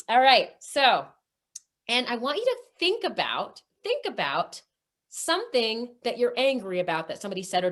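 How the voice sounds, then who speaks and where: A woman leading a breathwork webinar over a video call, coaching listeners and counting breaths aloud. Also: a little high. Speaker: breathwork instructor.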